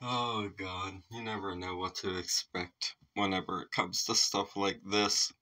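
A man's voice: low voice, level tone, unhurried, sharp tone, recorded from a distance. A man hosting a music reaction video, chatting casually, laughing often and swearing freely.

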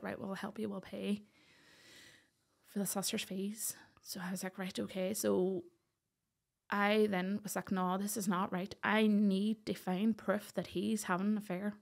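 Gravelly Northern Irish woman telling her story. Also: mid-range voice. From Northern Ireland. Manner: animated storytelling, acting out quoted voices. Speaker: guest. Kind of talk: personal storytelling in a podcast interview.

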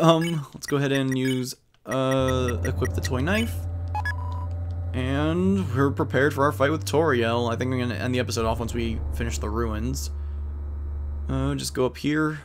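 A man's voice: mid-range voice, background noise. A man giving casual gameplay commentary, chatting about his choices and reading the game's dialogue aloud. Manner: chatty, reads game dialogue aloud, flat asides. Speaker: let's play commentator. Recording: guitar music playing behind.

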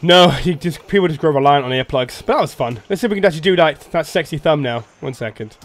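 A young man with an excitable, joking manner, commenting loudly on an online multiplayer game with friends. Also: a little high, quick pace. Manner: yelling, laughing, joking with friends. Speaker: gaming YouTuber.

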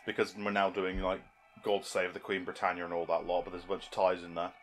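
A man's voice: deep voice, completely flat delivery, fast talker, soft background music. A man giving a rambling, sarcastic film commentary and laughing often. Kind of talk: casual film commentary chat.

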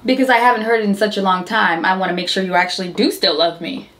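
A woman's voice: medium pitch, fairly even intonation, fast, a bit bright, a little hiss or hum. A woman in a comedy skit, talking in an insistent, exasperated way as she pushes her partner.

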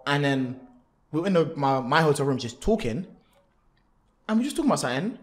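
A man's voice: a little high, big pitch swings. A young man, a guest athlete talking candidly and casually on a podcast, laughing now and then. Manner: slangy, fast and open, laughs often.

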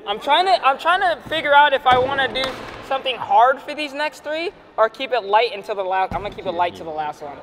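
High, lively male skate-challenge host. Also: brisk, hardly any pauses, big-room sound. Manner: teasing, laughing, shouting calls. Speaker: host calling tricks. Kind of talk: playful banter at a skate challenge.

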